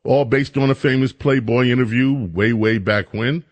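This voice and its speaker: A man's voice: mid-range voice, normal speed. A man hosting a talk radio show, reading headlines aloud with sarcastic asides and mocking imagined voices. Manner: sarcastic, reads headlines aloud and mocks them; mock voices for imagined friends.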